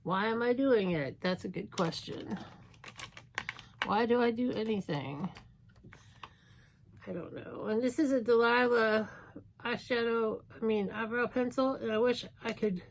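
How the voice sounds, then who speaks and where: A woman's voice: on the high side, measured pace, pauses often, slight background noise. A woman in her fifties chatting casually through a makeup tutorial, joking at her own expense as she works. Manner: chatty, self-mocking, thinking aloud while applying makeup. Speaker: beauty vlogger.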